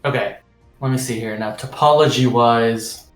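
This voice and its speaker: A man's voice: medium pitch, moderate pace, soft background music. Male tabletop player, hesitant and questioning, roomy echo. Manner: thinks aloud, hesitant, asks questions. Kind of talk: tabletop game play, casual chat.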